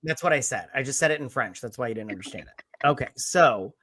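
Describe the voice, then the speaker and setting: A man co-hosting a casual movie review podcast, animated, acting out characters' lines and swearing freely. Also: medium pitch, brisk. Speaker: podcast co-host.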